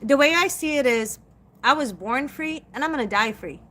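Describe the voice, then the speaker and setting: A woman's voice: high voice, animated, moderate pace, pushed and bright. A middle-aged woman hosting a live stream, talking straight to her viewers in a blunt, profane, emphatic rant. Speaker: psychic livestream host.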